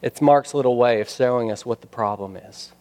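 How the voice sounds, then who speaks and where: Preaching a sermon, this male pastor builds to loud, emphatic passages, then drops into quiet, pointed asides. He speaks fairly quickly in a mid-range voice.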